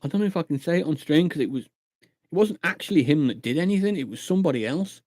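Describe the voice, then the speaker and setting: A man's voice: fairly high pitch, animated, fast talker, a little mellow, no echo, clean studio sound. Chatty laughing man. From England, Shropshire. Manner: chatty, laughs often, swears freely. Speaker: livestreamer. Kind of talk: casual live-stream chat.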